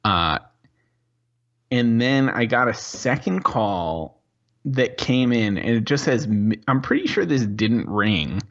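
A man's voice: medium pitch, lively intonation, takes it slowly, muffled recording. A male podcast co-host in casual chat, hesitant and full of fillers as he asks questions.

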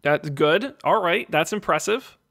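A man hosting a casual tech podcast, talking quickly and joking with his co-hosts. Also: on the high side, expressive, vocal fry, a bit bright. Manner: quick, joking, plugs the show. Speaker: podcast host.

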